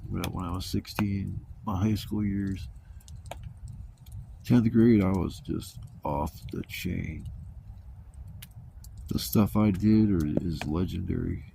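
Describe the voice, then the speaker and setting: A man's voice: low-pitched, steady tone, slow, vocal fry, long pauses, warm tone. A man telling rambling, profane stories in a laid-back, casual way while camping outdoors. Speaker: vlogger. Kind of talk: casual storytelling. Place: outdoors at a campsite. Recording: noisy outdoor ambience.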